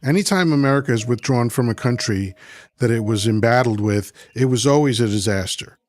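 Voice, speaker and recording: A man's voice: mid-range voice, a little fast, darkish tone. A man hosting a livestream, reading chat comments aloud and arguing with them in a combative, mocking way, often repeating himself. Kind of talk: heated political rant.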